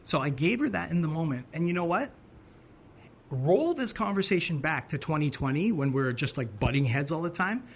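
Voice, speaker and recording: A middle-aged man hosting a show, telling a personal story in a casual, animated way and often restarting his phrases. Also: fairly high pitch, gravelly, a little hiss or hum. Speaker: podcast co-host.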